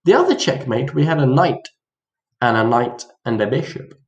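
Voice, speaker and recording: A chess teacher with a very animated, medium-pitched voice gives a casual lesson at a moderate pace. He's playful and mock-dramatic, acting out the reactions of both players. The audio is dull, with a roomy echo.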